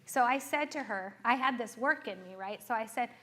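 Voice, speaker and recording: Middle-aged woman therapist, slightly high voice, earnest explainer who keeps checking in with her audience. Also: normal speed, fairly bright tone. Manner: earnest, checks in with frequent rhetorical questions.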